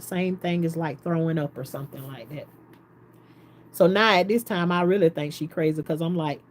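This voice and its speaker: A woman's voice: lowish voice, moderate pace, pauses often. Woman telling a story, laughing often. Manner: animated storytelling, laughs often, quotes others. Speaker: vlogger. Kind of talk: casual storytelling.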